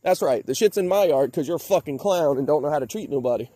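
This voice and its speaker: A man's voice: fairly high pitch, expressive, quick pace, mellow, dry recording. A man, swearing and threatening in a heated rant to his vlog audience, then talking casually about his truck project. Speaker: vlogger, truck project owner. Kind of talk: angry rant to camera.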